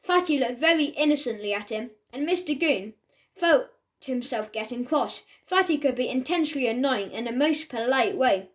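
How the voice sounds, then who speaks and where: A woman narrating a children's audiobook in a clear, steady storytelling manner. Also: high voice, normal speed.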